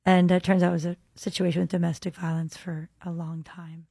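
A woman's voice: lowish voice, level tone, brisk, vocal fry, dark tone, slightly rough, dry recording, clean studio sound. A woman hosting a podcast, telling an earnest, heartfelt faith testimony about her jail ministry. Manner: earnest, heartfelt storytelling with many "um"s.

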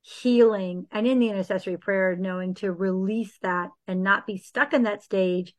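A woman speaking as a guest in a faith-based conversation about healing, earnest and animated. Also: mid-range voice, moderate pace. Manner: earnest, animated, acts out quoted prayers.

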